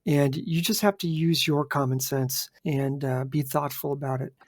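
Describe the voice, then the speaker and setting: A man's voice: fairly high pitch, fairly even intonation, moderate pace, no room sound, clean studio sound. A man co-hosting a podcast, giving emphatic, jokey advice to listeners. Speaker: podcast co-host. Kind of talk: casual chat.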